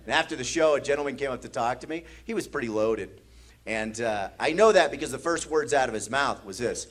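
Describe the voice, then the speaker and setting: A man's voice: mid-range voice, fast talker. A man from the American Midwest doing a stand-up comedy set on a club stage, acting out the strangers in his stories. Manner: animated, acts out drunk strangers with mumbling voices. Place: comedy club stage before a laughing audience.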